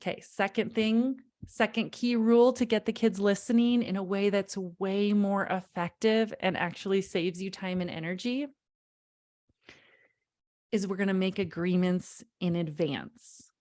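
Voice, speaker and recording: A woman's voice: mid-range voice, steady tone, a little slow, darkish tone. A woman parenting coach leading a live online workshop, speaking emphatically, repeating key phrases and talking straight to her audience.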